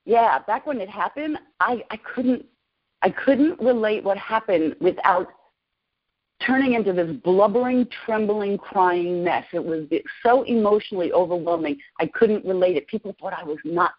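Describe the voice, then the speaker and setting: Excited woman in her sixties, lo-fi. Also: medium pitch, normal speed. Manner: excited, emotional retelling. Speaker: guest. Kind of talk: personal storytelling. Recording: lo-fi podcast audio.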